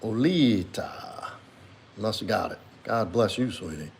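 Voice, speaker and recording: A man's voice: on the low side, moderate pace, creaky, slight background noise. A man hosting a casual livestream as a men's coach, reading viewer comments aloud and reflecting on them earnestly.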